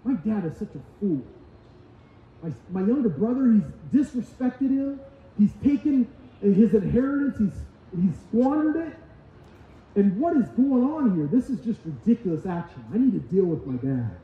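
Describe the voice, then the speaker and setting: A man's voice: high-pitched, sing-song, normal speed, pitched above the performer's own voice. A man acting out a resentful older son who rants indignantly about his brother and father. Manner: indignant ranting. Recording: echoey hall, tinny lo-fi sound.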